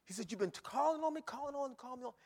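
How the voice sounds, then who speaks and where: A man preaching a sermon, repeating phrases and rising to shouts. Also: very high voice, animated, very fast, creaky. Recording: long hall reverb.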